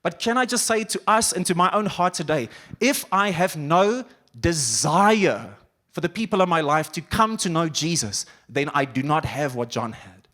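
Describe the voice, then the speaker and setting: A man preaching a sermon as pastor, animated, acting out quoted voices and dropping to quiet intensity. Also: a little high, moderate pace. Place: church auditorium.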